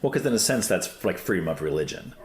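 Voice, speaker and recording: Low-voiced man hosting a roomy podcast. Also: fast, a little hiss or hum. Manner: animated storyteller, acts out quoted people. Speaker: podcast host. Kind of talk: casual podcast discussion. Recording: roomy echo.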